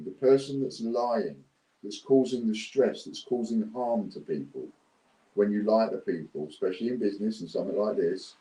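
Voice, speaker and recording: A man's voice: lowish voice, mellow, roomy sound, poor audio. A man ranting to camera, blunt, indignant and repetitive. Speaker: business owner vlogger.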